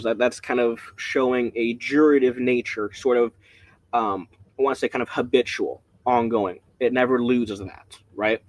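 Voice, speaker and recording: Guy at home going on about bible greek, all excited and rambly, dry sound. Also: mid-range voice, dry recording. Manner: rambling, excitable, self-interrupting. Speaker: Bible study teacher. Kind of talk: casual Bible study teaching.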